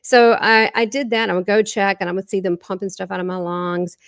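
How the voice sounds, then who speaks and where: A woman's voice: medium pitch, fairly even intonation, a little fast, no room sound, studio quality. A woman with a Southern American accent, a guest medium earnestly recounting a near-death experience in a rambling way, often restarting her sentences.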